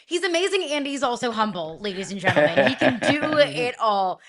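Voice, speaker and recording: A woman co-hosting a sports talk show, chatty and quick to react to her guest. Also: on the high side, very animated, slight background noise. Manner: warm, chatty, laughs along. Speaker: co-host.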